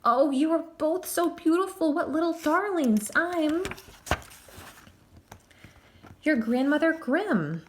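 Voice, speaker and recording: A woman's voice: high-pitched, animated, unhurried, slight background noise, voice pushed up. Woman doing a doting German granny. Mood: gushing. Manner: gushing, affectionate. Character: old grandmother with a German accent, doting and warm.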